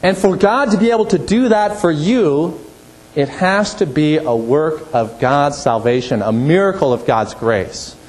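A male pastor preaching a sermon, emphatic, rising to forceful peaks and dropping low. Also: measured pace, rough recording.

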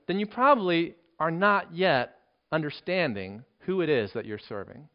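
A man preaching a sermon with earnest emphasis, dropping to a hushed voice for key points. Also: fairly high pitch, very animated, moderate pace. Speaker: pastor. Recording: dull lo-fi sermon recording.

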